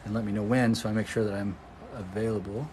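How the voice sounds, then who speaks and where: Low-voiced man chatting on a livestream. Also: fairly even intonation, fast, a little mellow, a little hiss or hum, poor audio. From Oregon, USA. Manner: rambling, restarts often, reads and answers viewer comments. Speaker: energy healer livestreaming. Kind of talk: casual livestream chat.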